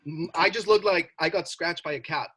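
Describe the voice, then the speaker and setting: A young man telling a story in casual chat, animated, swearing and full of filler words. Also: a little high, brisk, low-quality recording. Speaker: podcast co-host.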